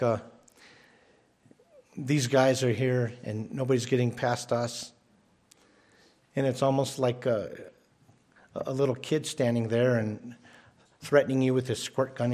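A man's voice: mid-range voice, a little mellow. A man preaching a sermon as pastor, emphatic and often repeating his first words as he starts a phrase.

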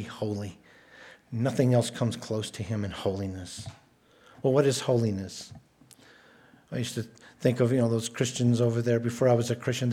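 A male pastor delivering a sermon in a measured, emphatic way. He leans on repetition to drive his points home, and his voice sits at an ordinary pitch for a man. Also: mellow. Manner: emphatic, repeats words for stress, measured delivery.

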